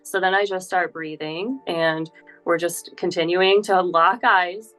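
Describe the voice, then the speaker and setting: Animated woman telling a story. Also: lowish voice, faint music behind, poor audio. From Upstate New York. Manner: animated storyteller, quick laughs. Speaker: guest, spiritual healer. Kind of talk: casual interview chat.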